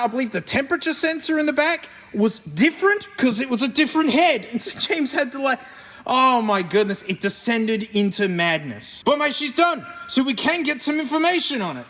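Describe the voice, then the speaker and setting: Australian male car vlogger, high and excitable, slangy and quick to laugh; reverberant garage sound. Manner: excitable, chatty, laughs often, lots of slang. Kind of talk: casual commentary over car work and testing.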